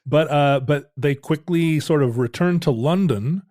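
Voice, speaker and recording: A man's voice: a little high, unhurried, darkish tone, no echo, studio quality. Rambling middle-aged man telling a story. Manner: rambling storyteller, self-interrupting. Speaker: podcast co-host. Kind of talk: casual chat.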